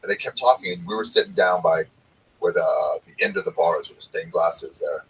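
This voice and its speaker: A man's voice: sits low, fairly quick, a bit bright, a little hiss or hum. A man who is a stand-up comedian, telling rambling, profane anecdotes in casual chat. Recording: distant mic.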